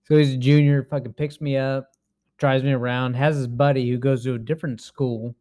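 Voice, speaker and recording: A man's voice: mid-range voice, flat delivery, fairly quick, mellow, no room sound, clean studio sound. A young man co-hosting a podcast, telling stories in a rambling way full of swearing and filler words. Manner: profane rambling storyteller, heavy filler words; acts out quoted voices in his stories. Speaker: podcast co-host. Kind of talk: casual chat.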